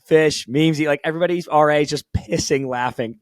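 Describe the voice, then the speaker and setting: A man's voice: on the high side, moderate pace, no room sound, studio quality. A man co-hosting a casual hockey podcast, brash and teasing with heavy swearing. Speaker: podcast co-host.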